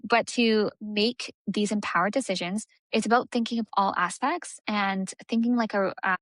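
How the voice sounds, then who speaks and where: This aesthetics business coach, a young woman, speaks at a moderate pace with a steady, mid-range, fairly bright voice in a dry recording. She teaches casually and chattily, dropping lots of "like" fillers and voicing imagined clients.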